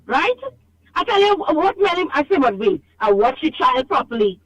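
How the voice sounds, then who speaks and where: Calling in by phone to a radio program, a Trinidadian woman launches an animated complaint, scolding and repeating herself for emphasis. Her high voice has a sing-song lilt at a moderate pace.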